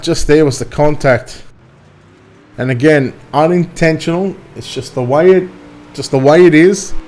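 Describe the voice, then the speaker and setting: A race announcer with a fairly high male voice calls a dirt track event. He moves easily from chatty, joking asides to quick, excited play-by-play as the cars come around. He sounds like he is working from the track's booth. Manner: chatty and joking between races, rising to excited play-by-play when the cars run.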